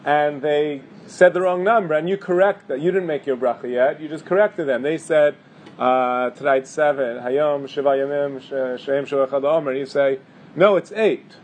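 A man's voice: on the high side, fairly even intonation, moderate pace, slight background noise. A man teaching a casual halacha class, thinking aloud with fillers and restarts. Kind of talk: casual Torah class lecture.

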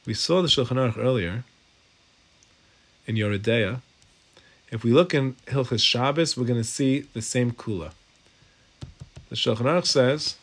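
A man teaching a class on Jewish law, lively and informal, mixing English with Hebrew and Aramaic terms and acting out little voices for his examples. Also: medium pitch, moderate pace, long pauses, breathy edge. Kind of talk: animated Torah class lecture.

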